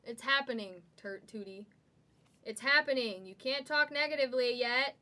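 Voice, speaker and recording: A woman hosting a live trading card break, excitedly calling out each card as she pulls it. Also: on the high side. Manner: excitable, calls out cards rapidly.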